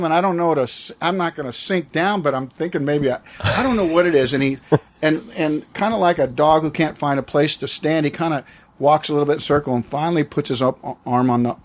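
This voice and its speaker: A man in his sixties from the United States, telling a personal story as an interview guest, reflective and rambling with many restarts. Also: on the high side. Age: 60s.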